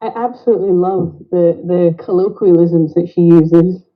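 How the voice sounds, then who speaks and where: A woman's voice: on the low side, steady tone, normal speed. Mancunian woman on a dull call line. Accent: Northern English, Greater Manchester. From England. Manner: chatty, laughs easily. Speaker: caller. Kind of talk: casual chat. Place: garden outdoors in rain.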